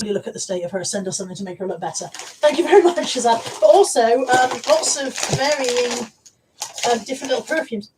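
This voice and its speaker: A woman's voice: a little high, darkish tone, husky, recorded from a distance, rough recording. A woman hosting a casual live stream, chatty and rambling as she greets viewers. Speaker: live-stream host and reseller.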